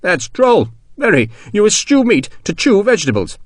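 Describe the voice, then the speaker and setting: A man voicing an eager, headstrong British general who speaks briskly and commandingly. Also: mid-range voice, animated, no echo, studio quality, close to an everyday voice. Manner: brisk, commanding, quick to laugh.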